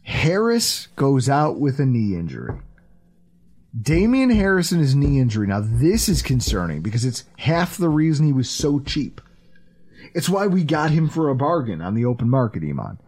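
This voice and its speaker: A man hosting a sports podcast, chatting casually, animated and profane, acting out quotes as he goes. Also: mid-range voice, normal speed, breathy edge. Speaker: podcast host.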